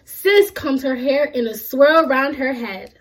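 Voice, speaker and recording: A woman's voice: sits high, takes it slowly, low-quality recording. A young woman, a university student, reading a children's picture book aloud in a friendly way. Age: young adult. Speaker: student storybook reader.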